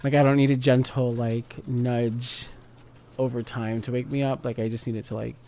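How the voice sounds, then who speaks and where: A man's voice: mid-range voice, little pitch movement, moderate pace, warm tone, slight background noise. A tipsy man chatting casually while streaming a game, rambling with lots of fillers.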